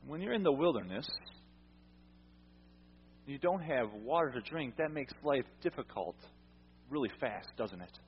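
A pastor delivers a conversational sermon in an expressive, slightly rough, medium-pitched voice, speaking at a measured pace with long pauses. He asks the congregation questions and repeats words, and the recording is muffled in a reverberant hall.

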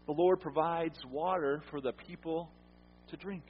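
A man preaching a sermon as pastor, earnest, repeating phrases for emphasis and letting his lines fall quiet at the ends. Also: fairly high pitch, measured pace, a little hiss or hum. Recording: dull, echoey hall sound.

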